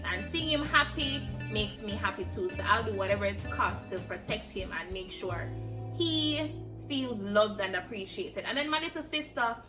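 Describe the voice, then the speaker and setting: A Jamaican woman in her twenties speaking earnestly in a reflective personal vlog. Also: medium pitch. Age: 20s. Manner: earnest, heartfelt, emphatic. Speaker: vlogger. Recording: distant mic with music behind. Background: music.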